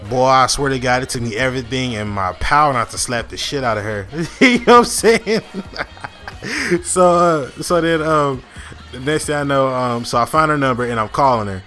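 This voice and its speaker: A man's voice: medium pitch, animated, normal speed, pushed and bright, faint music behind. Rambling young man telling a story. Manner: rambling, many fillers and restarts, frequent profanity. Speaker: gaming channel host. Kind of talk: casual storytime over gameplay.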